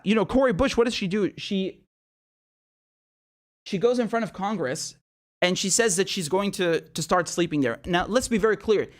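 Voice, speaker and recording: Man, fairly high voice, angry political rant, swearing, rhetorical questions. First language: not American. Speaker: political commentary host. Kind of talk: ranting political commentary.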